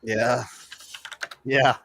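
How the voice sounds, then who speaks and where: A man chatting casually while co-watching a movie on stream, jokey and quick to exclaim and laugh. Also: medium pitch, little pitch movement, gravelly, a bit bright, slight background noise. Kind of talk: casual reaction chat.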